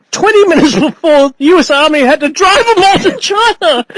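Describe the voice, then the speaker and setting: A man's voice: very high-pitched, huge pitch swings, a little slow. A man casually reviewing a movie with a co-host, rambling, laughing often and acting out characters. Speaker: podcast co-host. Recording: noisy amateur podcast recording.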